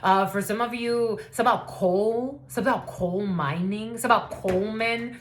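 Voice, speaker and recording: A woman doing a loose, chatty spiritual reading, talking straight and swearing freely. She breaks off into laughing asides as she goes. Her voice sits at an ordinary middle pitch. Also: steady tone, measured pace. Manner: blunt and profane, laughing asides. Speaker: spiritual reader. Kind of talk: casual channeled reading.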